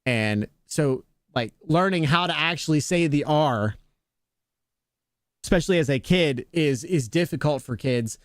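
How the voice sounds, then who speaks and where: A man's voice: expressive, a little slow, no room sound. Laid-back male game streamer, dry close mic. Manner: laid-back, jokey, talks to chat, playful pitch jumps on jokes. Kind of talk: casual chat with live chat while gaming.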